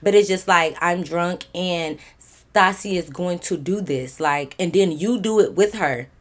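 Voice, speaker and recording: A young woman casually telling a storytime, animated and slangy, swearing freely and dropping to quiet asides. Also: fairly low pitch, measured pace. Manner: quiet asides that drop to a whisper.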